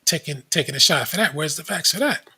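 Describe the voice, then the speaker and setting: A man's voice: a little high, lively intonation, quick pace, gravelly, sharp tone, slightly rough. A man hosting a commentary show, casually reading web pages aloud with blunt asides. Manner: blunt, reads aloud from screen, frequent asides.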